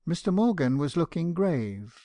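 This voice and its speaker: A man narrating an audiobook in a measured, even storytelling manner. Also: on the high side, no room sound, clean studio sound.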